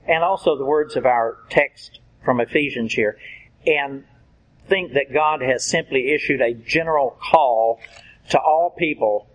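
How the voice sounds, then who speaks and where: A man preaching a sermon in a slow, deliberate way, reading and explaining Bible verses. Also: medium pitch, rough recording.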